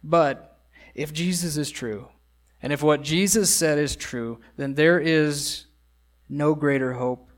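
Earnest preaching man, higher-pitched voice. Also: takes it slowly. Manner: earnest preaching with emphatic repetitions and rhetorical questions. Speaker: pastor. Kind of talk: sermon.

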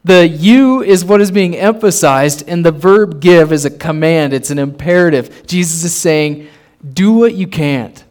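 A man's voice: a little high, normal speed, a little mellow. A man preaching a sermon as a pastor, conversational and emphatic, often repeating and restarting words.

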